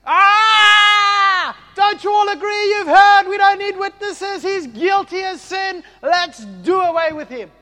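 A preacher acting out a furious old male high priest who screams accusations in a high, strained voice. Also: takes it slowly, few pauses, pushed and bright, raised voice, long reverb tail, exaggerated voice. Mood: outraged. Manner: screaming, high-pitched outrage.

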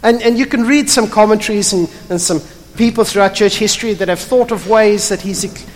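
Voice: medium pitch, brisk, long reverb tail. A pastor preaching a sermon in a conversational, blunt and emphatic way, often tossing rhetorical questions to the congregation.

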